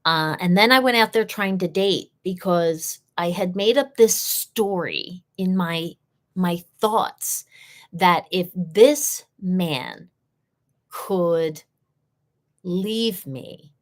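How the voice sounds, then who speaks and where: A woman with a somewhat low voice tells her own story, earnest and direct. She repeats her key phrases for weight as she hosts a live session. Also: extremely slow. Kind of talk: personal storytelling.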